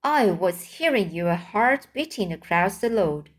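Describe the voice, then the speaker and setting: A woman reading aloud and voicing a kindly giant man who talks slowly and earnestly in broken grammar. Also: mid-range voice, very animated. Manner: slow, earnest, mangled grammar.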